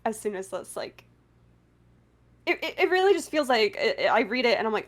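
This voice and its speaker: A woman's voice: on the high side, sing-song, normal speed. Chatty, giggly woman voice actor. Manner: giggly, chatty, full of fillers. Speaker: voice actor guest on a panel. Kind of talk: casual panel interview.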